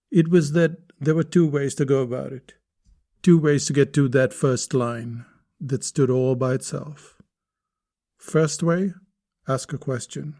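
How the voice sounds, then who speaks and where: A man's voice: on the high side, warm tone. A man hosting a podcast lesson on writing, explaining step by step and posing rhetorical questions to the listener. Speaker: podcast host teaching writing.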